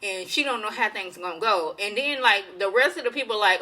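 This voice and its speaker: A woman giving a casual, slangy recap of a TV episode, telling the story with animated flair. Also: mid-range voice, fairly quick, hardly any pauses, rough recording. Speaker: TV show reviewer.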